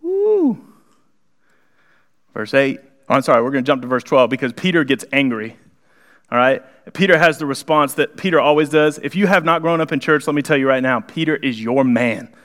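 A man preaching a conversational sermon in a church, animated and acting out the people in the story. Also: mid-range voice, moderate pace. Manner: animated, conversational, acts out the characters. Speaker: pastor. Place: church sanctuary.

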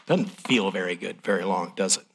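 A man's voice: low voice, moderate pace, gravelly, fairly bright tone, a little hiss or hum. A middle-aged man preaching a sermon in a folksy, candid, emotional way. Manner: folksy, transparent, emotional delivery.

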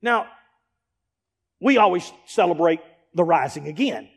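A man preaching a sermon as pastor, emphatic and repetitive, rising into shouts to drive points home. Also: very high voice, expressive, normal speed. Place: church sanctuary. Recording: long reverb of a large church hall.

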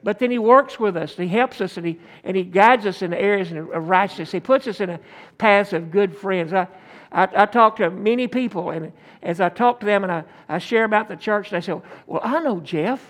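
A man's voice: sits high, moderate pace, fairly bright tone. A male pastor, preaching a folksy sermon full of homespun stories and calls for an amen.

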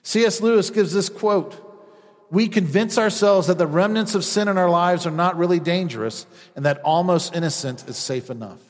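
A man's voice: high-pitched, moderate pace, long reverb tail. A man preaching a sermon as a pastor, acting out quoted voices as he goes.

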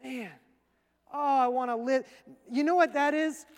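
A male pastor preaching a sermon in a conversational way, acting out quick asides. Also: extremely high pitch, fairly even intonation, in a large hall.

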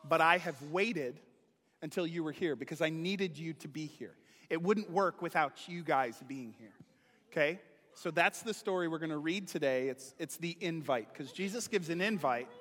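A male pastor with a high, bright voice gives a playful children's sermon in a church sanctuary. His words ring out with a long hall reverb behind them. He talks straight to the kids in an animated way.

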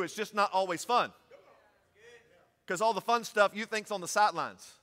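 A man preaches a sermon in a high, bright voice. He swings from calm teaching to loud, emphatic preaching. A long reverb from the hall trails his words. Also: moderate pace.

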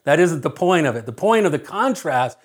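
Man, middle-aged, sermon, earnest, repeats phrases, somewhat high voice. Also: very animated, a little fast. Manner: earnest, repeats phrases for emphasis, drops to a hush in the personal story. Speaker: pastor.

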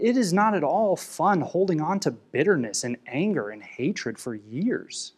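A young adult man preaching a sermon, earnest and emotional, swinging from emphatic scripture readings to quiet personal confession. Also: medium pitch. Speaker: pastor.

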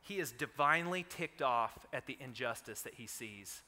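A man in his thirties preaching a sermon, telling stories with animated energy and rising loud on quoted lines. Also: mid-range voice, normal speed, long reverb tail. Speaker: pastor.

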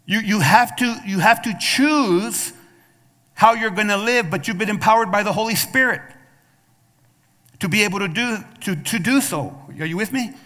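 Preaching in a church sanctuary, this man has a high voice that sounds pushed and bright, at a moderate pace. He calls on the congregation to respond and keeps restarting phrases with repeats, all under long church reverb.

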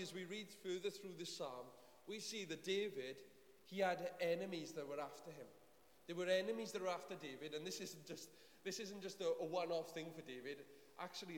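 A man's voice: on the high side, fairly quick. A man preaching a sermon in a church, earnest and pleading, repeating phrases for emphasis. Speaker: pastor. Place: church hall. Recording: echoey hall with faint hiss.

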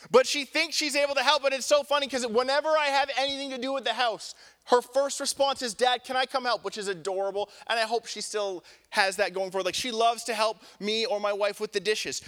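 A man's voice: high voice, sharp tone. A man in his thirties, a pastor preaching a sermon, telling family stories in a loose, self-deprecating way with lots of fillers. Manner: conversational storytelling with many fillers. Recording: long hall reverb.

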